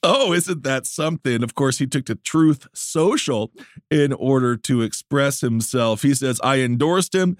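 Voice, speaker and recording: A man's voice: mid-range voice, measured pace, no room sound, studio quality. Sarcastic joking podcast host man. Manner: sarcastic, joking, lots of filler words. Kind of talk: comedic political chat.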